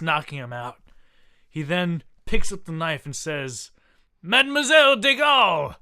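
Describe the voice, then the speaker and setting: Man, podcast co-host, improvised comedy story, bright voice, slightly high. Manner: hesitant, many restarts, giggly.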